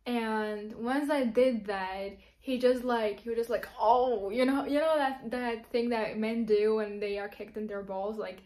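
A woman's voice: fairly high pitch, fairly even intonation, a little slow, hardly any pauses, a little mellow. A young woman telling a personal story to camera in a chatty, giggly way, full of fillers. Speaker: vlogger.

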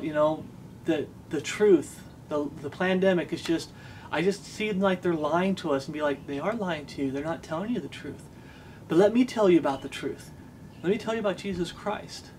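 Earnest preaching man, slightly high voice. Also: slight background noise. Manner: earnest, emphatic, repeats lines for stress. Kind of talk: sermon.

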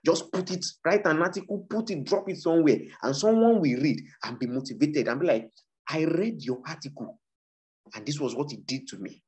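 A man's voice: fairly high pitch, a little mellow. A man with a Nigerian accent, an author speaking about his book in an emphatic, preaching style, repeating his points to urge listeners on. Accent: Nigerian English. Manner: emphatic and repetitive, exhorting listeners. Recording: dull lo-fi recording.

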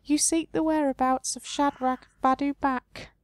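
A woman voicing a sad, wistful talking tree spirit in a game, speaking slowly and with long drawn-out words. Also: high-pitched, fairly even intonation, pitched above the performer's own voice, close to an everyday voice. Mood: mournful. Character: sorrowful ancient tree spirit with a face.

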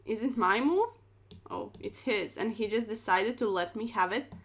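A woman's voice: on the high side, normal speed. A young woman streaming chess, commentating her moves with playful slang and dramatic exclamations.

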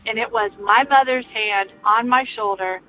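An older woman with a fairly high voice tells her own ghost story in a relaxed, earnest way, often pausing as she goes. The recording sounds a little muffled, with soft music playing underneath. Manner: earnest, meandering, with many pauses. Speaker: caller sharing a ghost story. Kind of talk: casual personal storytelling. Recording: slightly muffled, faint music behind.

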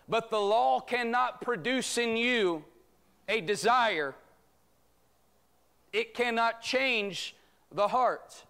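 Extremely high-pitched, slow and creaky, the pastor pauses often, his bright, clean voice carrying a forceful tone. He teaches a church Bible study through emphatic, rhetorical preaching that brings amens from the congregation, recorded in the church sanctuary.

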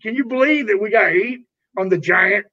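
A man's voice: high-pitched, lively intonation, moderate pace, bright, forceful tone. An older man, a retired wrestler, telling rambling, profane stories in a casual interview and calling people "brother". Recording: dull lo-fi audio.

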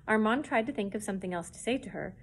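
Librarian reading a chapter book for kids, steady and clear. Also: female voice, mid-range voice, fast talker, a little hiss or hum. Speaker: children's librarian.

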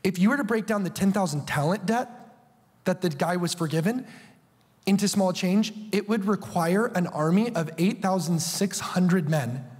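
Male preacher, high voice, lively storytelling, long hall reverb. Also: moderate pace. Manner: animated, playful storytelling with asides. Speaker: preacher and TV show host. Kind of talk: sermon.

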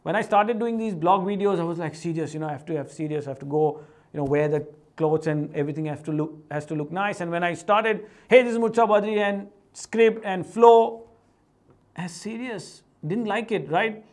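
High-voiced man with an Indian English accent. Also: brisk. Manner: animated, breaks into playful voices of family and colleagues. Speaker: vlog host. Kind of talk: casual motivational vlog talk.

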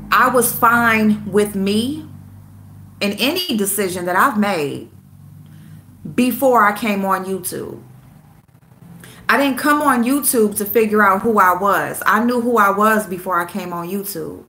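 A woman with a school-age son hosts a casual livestream from her phone, calling viewers "babe" as she greets them by name. She talks bluntly and repeats herself for emphasis, her mid-range voice pushed and bright at a measured pace, with slight background noise.

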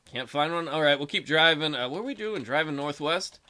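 A man's voice: a little high, lively intonation, a little fast, bright, forceful tone. A man hosting a let's play video, joking crudely and reading game text aloud, with keyboard typing behind him. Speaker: gaming video host. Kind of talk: casual let's play commentary.

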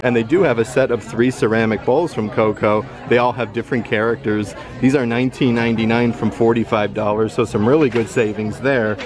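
A man's voice: medium pitch, fairly even intonation, a little fast, hardly any pauses, music in the background. A man filming a casual shopping vlog in an outlet store, upbeat as he describes merchandise and prices. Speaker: vlogger.

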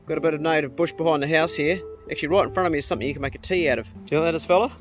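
A middle-aged farm owner runs a casual vlog from outside on his rural property, talking at a racing pace in a fairly high voice. He's blunt and swears readily, and music plays in the background.

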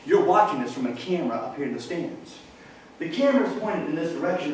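A man preaching in a lively, joking storytelling manner, moving around the church as he talks. His voice sits at an ordinary pitch and rings through a very echoey sanctuary, picked up from a distance, with a light hiss behind it. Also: brisk. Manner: animated, jokey, walks about the room. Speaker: evangelist preacher. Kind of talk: storytelling sermon with humor. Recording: echoey church hall from far off.

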